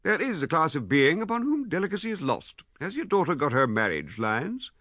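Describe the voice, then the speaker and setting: Man playing a pompous, waggish older gentleman. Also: a little high, very animated, brisk, no room sound, clean studio sound, pitched above the performer's own voice. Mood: lecturing. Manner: genial, lecturing, self-satisfied. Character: waggish, pompous middle-aged stepfather.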